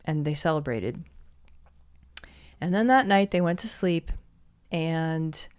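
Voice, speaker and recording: A woman's voice: on the low side, a little mellow, clear, resonant tone. A woman casually retelling an old myth and reflecting on why stories matter, in a thoughtful way. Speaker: storyteller. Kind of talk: reflective storytelling monologue.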